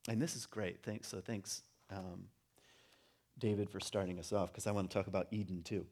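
A middle-aged man giving an informal talk on religion to a group, conversational and rising into animated emphasis. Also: deep voice, normal speed. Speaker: speaker on religion and home.

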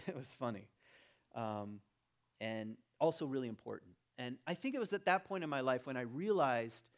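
Candid middle-aged man telling his story. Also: a little high. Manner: candid, self-deprecating, many restarts and fillers. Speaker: church teacher. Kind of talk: personal storytelling talk to a congregation.

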